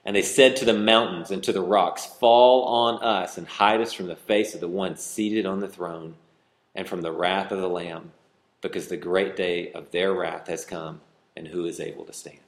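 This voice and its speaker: A male pastor delivers a sermon with a fairly low voice, reading scripture and pressing his points with growing force. The sound carries a roomy echo, as if from a church hall. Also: fairly even intonation, moderate pace. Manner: preaching with rising intensity, reading scripture aloud.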